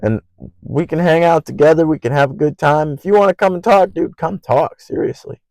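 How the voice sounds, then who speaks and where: A young man hosting his own podcast alone, rambling in an earnest, profane way and naturally loud. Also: fairly high pitch, fairly quick, no echo, low-quality recording. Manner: loud by habit. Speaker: podcast host. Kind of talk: casual solo podcast monologue.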